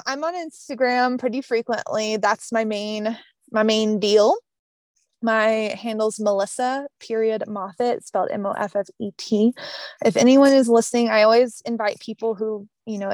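A woman's voice: medium pitch, a little mellow, no room sound. A woman with a Southern accent, a guest on a podcast, talking in a bubbly, chatty way full of fillers. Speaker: podcast guest, business coach. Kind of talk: casual interview chat. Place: mountain home.

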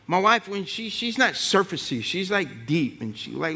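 Brief: male preacher, high voice, plainspoken and punchy, working the congregation. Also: big pitch swings, moderate pace, hardly any pauses, a bit bright, husky. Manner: punchy, rhyming lines and audience call-outs. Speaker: pastor. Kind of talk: sermon.

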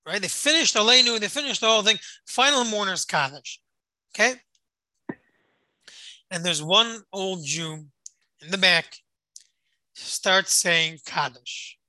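A very bright, crisp voice heard dry and close on a call. The speaker leads a Torah study group and tells a story in a rambling, casual way, repeating phrases and glossing Hebrew words as they go. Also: mid-range voice, animated, a little slow, pauses often, dry recording, low-quality recording. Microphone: call or online meeting.

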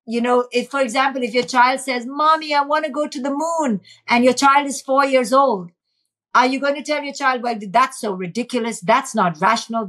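Earnest higher-voiced woman explaining. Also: a bit bright. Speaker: parenting expert guest. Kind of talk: podcast interview.

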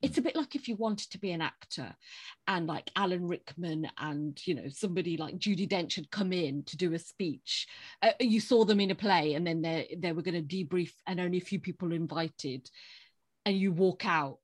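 Woman, podcast co-host, low-ish voice, chatty, dry close recording. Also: normal speed, no echo. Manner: chatty, animated, lots of fillers. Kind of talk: casual chat recapping a TV episode.

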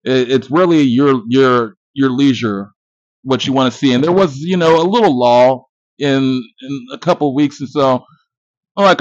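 A man's voice: mid-range voice, normal speed, no room sound. A man in his thirties hosting a podcast, giving a casual, profane and jokey movie review monologue full of boasts. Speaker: podcast host. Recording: dull lo-fi dry recording.

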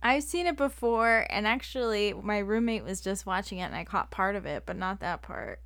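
A woman's voice: mid-range voice, normal speed, fairly bright tone, no room sound. A woman co-hosting a podcast in casual chat, laughing along and telling stories at an easy pace. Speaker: podcast co-host.

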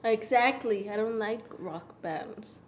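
A woman's voice: on the high side, slow. A woman chatting casually with her partner over a meal, protesting and laughing.

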